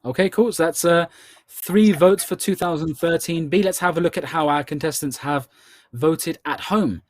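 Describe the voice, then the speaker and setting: Chatty Scottish quiz host, man, a little high-pitched, close and dry. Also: dry recording. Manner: chatty, repeats questions slowly. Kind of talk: online charity quiz hosting.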